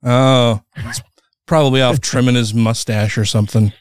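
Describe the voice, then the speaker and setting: A middle-aged man talks as a podcast host in a relaxed, joking way, swearing freely and laughing often. His voice is smooth and resonant at an ordinary pitch. The sound is dry and close. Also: normal speed, no room sound. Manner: laid-back, laughs often, swears casually. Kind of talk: casual podcast chat.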